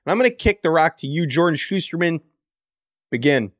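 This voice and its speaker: A man's voice: fairly high pitch, expressive, fairly quick, no echo, studio quality. A man co-hosting a podcast in casual chat, joking and reading listener comments aloud. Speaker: podcast co-host.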